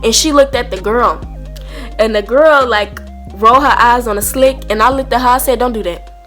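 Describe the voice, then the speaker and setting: This is a young woman speaking, telling a workplace-feud storytime straight to her audience. Her voice is bright and sits a bit high, and she jumps between a calm, low telling and loud, mocking re-enactments of both sides of the argument. Soft music plays faintly under her. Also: normal speed. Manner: animated, acts out both sides of an argument, curses freely. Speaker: storytime vlogger. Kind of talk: casual storytelling to camera.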